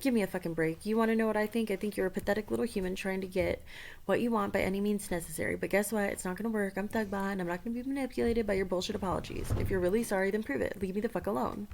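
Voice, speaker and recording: A woman's voice: mid-range voice, racing, gravelly, a little mellow, a little hiss or hum, close to an everyday voice. A woman reading aloud the replies of a hostile chatbot, in a sneering, scornful manner with repeated put-downs. She uses her everyday voice. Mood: contemptuous. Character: hostile swaggering chatbot, contemptuous toward users.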